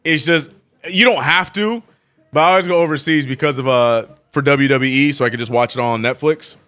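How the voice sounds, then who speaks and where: A man hosting a live sports watch-along, chatting casually and excitably with lots of slang and repeated "bro". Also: mid-range voice, fairly quick, clean tone, soft background music. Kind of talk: casual live-stream chat.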